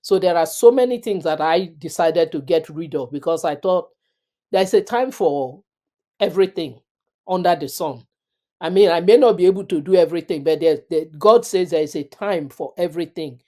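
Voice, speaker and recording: Middle-aged woman, lowish warm voice, earnest and thoughtful, interview guest. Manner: earnest, measured, with faith references. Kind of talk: reflective interview talk.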